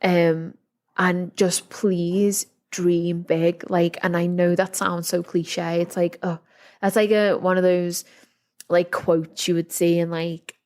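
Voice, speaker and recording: A young woman talks through a solo podcast in a low, fairly flat voice. She rambles earnestly, full of fillers and restarts, the tone of a candid personal chat. She records at home in a house set in a forest. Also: slow pace. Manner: rambling, heavy use of "like", earnest. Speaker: podcast host. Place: house in a forest, window open.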